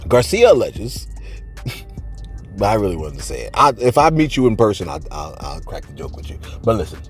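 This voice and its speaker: Animated joking man with lively pitch. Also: moderate pace, faint music behind. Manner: animated, jokey, talks straight to viewers, acts out quotes. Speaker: celebrity gossip show host. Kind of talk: joking commentary on celebrity news.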